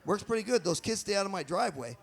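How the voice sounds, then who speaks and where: A male stand-up comedian from Michigan, chatting with the crowd, laughing at his own jokes and jumping between bits with quick asides. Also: high voice, lively intonation, gravelly.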